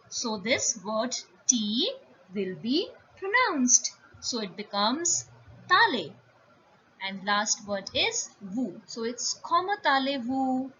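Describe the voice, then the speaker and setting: A woman teaching a French lesson, speaking slowly and carefully and repeating and spelling out each phrase. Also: fairly high pitch, pushed and bright. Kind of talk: slow spoken language lesson. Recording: dull lo-fi sound with faint room noise.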